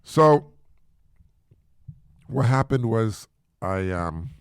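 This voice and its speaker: A man hosting a podcast, telling listeners a family story in a halting way with frequent restarts and repeated words. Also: on the low side, animated, clear, resonant tone, dry recording, clean studio sound. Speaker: podcast host, single father.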